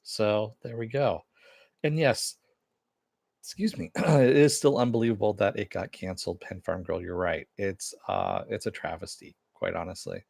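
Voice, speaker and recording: A middle-aged man with a lowish voice casually recaps a TV episode and reads chat comments aloud. He rambles with plenty of "uh"s and chuckles. The sound is dry and close. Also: steady tone, normal speed, vocal fry, a little mellow, slightly rough, no echo. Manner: rambling, many fillers, chuckles often. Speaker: TV show reviewer.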